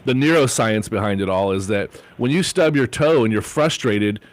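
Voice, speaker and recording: A man's voice: on the low side, normal speed. A man hosting a radio talk show, asking questions and summing up what his guest says in his own words. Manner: encouraging, sums up the guest's points.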